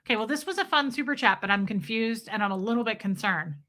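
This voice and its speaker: Bright-voiced woman hosting a playful stream. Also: fairly high pitch, fast talker. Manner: playful and animated, breaks into bits of song and mock voices; swears freely. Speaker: livestream host reading viewer super chats. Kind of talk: casual chat.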